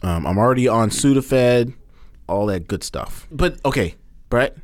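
A man's voice: medium pitch, a little slow, dry recording, studio quality. A man in his forties co-hosting a podcast, sick and congested but enthusiastic. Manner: enthusiastic, animated. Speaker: podcast co-host. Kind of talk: casual podcast chat.

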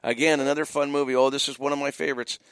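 A man's voice: mid-range voice, fairly even intonation, racing, fairly bright tone, smooth, no echo, studio quality. A man hosting a radio movie trivia call-in, teasing listeners and repeating the phone number. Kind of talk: casual radio call-in chat. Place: radio studio.

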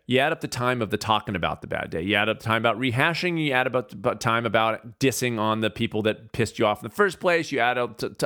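A man's voice: medium pitch, fairly bright tone. A man talking straight to his listeners in a casual motivational monologue, earnest and conversational, repeating phrases for emphasis and restarting his sentences. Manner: restarts and stammers mid-thought.

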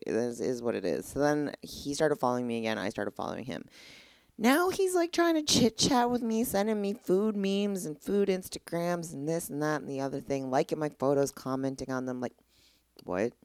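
A woman's voice: a bass voice, a little mellow, no echo, studio quality. A young woman hosting a casual solo podcast, candid and exasperated, rambling with lots of "like". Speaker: podcast host.

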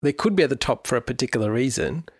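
A man's voice: mid-range voice, lively intonation, quick pace, slightly rough, no room sound, studio quality. A man co-hosting a marketing podcast, introducing segments and chatting casually. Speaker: podcast co-host.

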